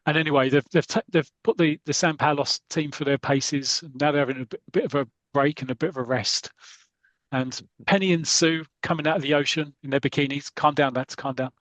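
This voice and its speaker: A man hosting a podcast, casually retelling a comic story with lively energy and plenty of restarts. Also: on the high side, brisk, no room sound. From Britain. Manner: lively, recounts the comic scene by scene with many restarts. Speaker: podcast host.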